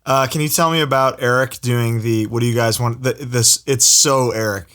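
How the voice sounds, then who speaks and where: A man co-hosting a podcast, bantering and teasing the guest with quick jokes. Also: medium pitch, steady tone, fairly bright tone. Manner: joking, teasing, quick asides. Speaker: podcast co-host. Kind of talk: casual banter.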